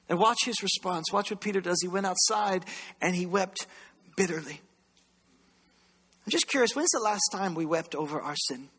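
Impassioned high-voiced preacher in a hall. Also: male voice. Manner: impassioned, shifts between loud bursts and hushed lines. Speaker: pastor. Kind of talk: sermon. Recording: long reverb of a large hall.

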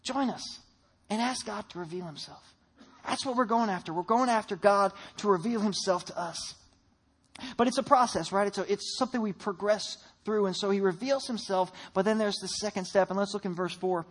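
A man's voice: sits high, a little fast, breathy edge. A man, a pastor with a young child, preaching a sermon and telling a family story, voice rising on emphatic lines.

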